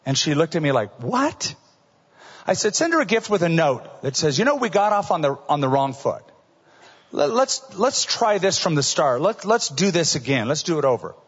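A middle-aged male pastor preaching a sermon in an earnest, conversational way, often dropping to a soft voice for asides. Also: on the high side, very animated, brisk, husky. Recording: dull recording in a large reverberant hall.

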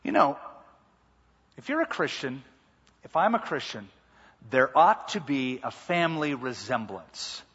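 A man's voice: mid-range voice, big pitch swings, a little slow, long pauses, a bit bright, slightly rough. A male pastor preaching a sermon, emphatic and repeating key words. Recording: muffled hall reverb.

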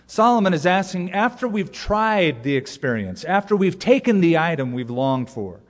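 A man's voice: sits high, sing-song, normal speed. Emphatic preacher man in a reverberant hall. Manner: storytelling with jokes, emphatic repetition. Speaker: pastor. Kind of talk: sermon. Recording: long reverb of a large hall.

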